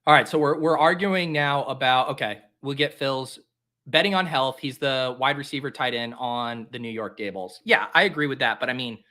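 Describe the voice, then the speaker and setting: A man's voice: mid-range voice, moderate pace, bright, forceful tone. A man hosting a fantasy football show, talking casually and mocking himself as he drafts live and talks to his viewers.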